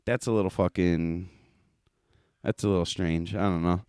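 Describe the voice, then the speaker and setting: Low-voiced man in a profane rant. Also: steady tone, moderate pace, darkish tone, clear, resonant tone, no room sound, clean studio sound. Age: adult with children. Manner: blunt, profane, mocking rants. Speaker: podcast host. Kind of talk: casual profane monologue.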